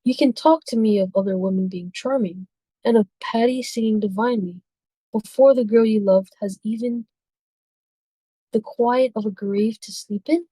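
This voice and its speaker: A woman's voice: on the high side, moderate pace, mellow, no room sound, lightly acted, low-quality recording. A woman reading the part of a grieving, earnest male painter aloud, pleading and reproachful. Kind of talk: amateur read-aloud of a novel.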